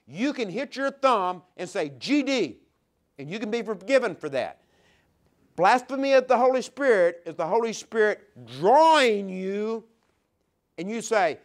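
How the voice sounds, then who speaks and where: A man preaching a sermon as pastor, reading scripture aloud and acting out quoted voices, with big swings between loud and soft. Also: sits high, measured pace, pauses often. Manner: animated preaching with sharp swings in loudness.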